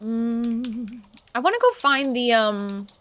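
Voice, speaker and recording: Young female streamer, playful and loud, high bright voice, animated, soft music bed. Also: slow pace. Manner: loud, playful and bubbly, yelling then dropping to soft asides. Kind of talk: casual live-stream chat with viewers.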